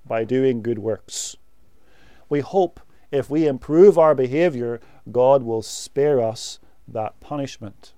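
A man preaching a sermon, teaching doctrine in a slow, measured way and repeating key words for emphasis. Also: medium pitch, mellow, clear, resonant tone, no room sound, studio quality.

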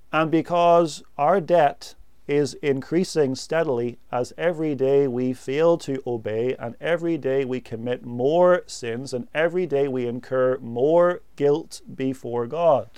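Guy preaching real slow, mellow smooth voice, leans on words by repeating them. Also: a little high, no echo, studio quality. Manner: slow, measured doctrinal teaching with emphatic repetition. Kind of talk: sermon.

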